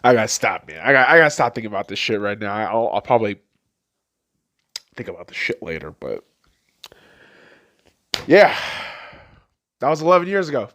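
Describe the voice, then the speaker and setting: A podcast host from Las Vegas, USA, in his late twenties, talks quickly in a lowish, bright, forceful voice with animated delivery. He tears up recalling a personal memory, swearing a lot and repeating himself in an emotional monologue.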